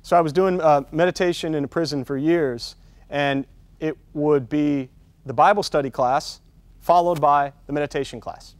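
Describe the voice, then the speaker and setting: Guy teaching a meditation workshop, kinda high voice, dry room, keeps saying right?. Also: moderate pace, dry recording. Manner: conversational, keeps asking "right?", builds intensity on key points. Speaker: meditation trainer.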